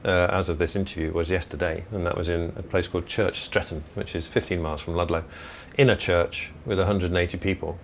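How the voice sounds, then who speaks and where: Fast-talking low-voiced male storyteller. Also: slight background noise. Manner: animated storyteller who acts out the people he quotes. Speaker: comedian and impressionist guest. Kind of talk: anecdotal interview chat.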